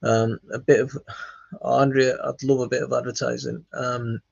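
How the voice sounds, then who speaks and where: A man hosting a gardening live stream, reading chat comments and answering in a halting, friendly way with lots of fillers and restarts. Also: medium pitch, flat delivery, vocal fry, no echo. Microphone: phone. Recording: dry, dull lo-fi phone audio.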